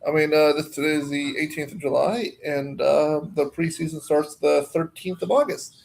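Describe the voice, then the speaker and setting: Gravelly man co-hosting a live stream. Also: fairly high pitch, steady tone, a little mellow. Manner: halting, full of "uh" and restarts. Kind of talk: casual live-stream chat.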